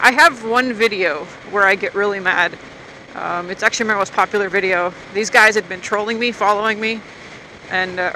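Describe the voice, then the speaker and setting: A woman's voice: mid-range voice, bright, forceful tone, a little hiss or hum, low-quality recording. A woman motovlogger chatting and grumbling in a rambling, unscripted way outdoors at a gas station.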